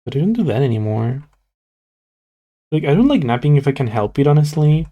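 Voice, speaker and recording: In lo-fi sound, a young man with a medium-pitched voice speaks briskly and animatedly. He's sleepy and yawning, drawing on stream while casually chatting with viewers, rambling with frequent "like" and restarts.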